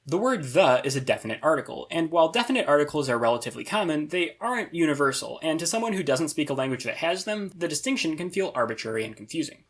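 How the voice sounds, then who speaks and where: A man reads a scripted review in a slightly husky, fairly high voice. His pitch rises and falls with animated intonation. He stays analytical, with dry, wry asides. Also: quick pace, hardly any pauses. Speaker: conlang reviewer.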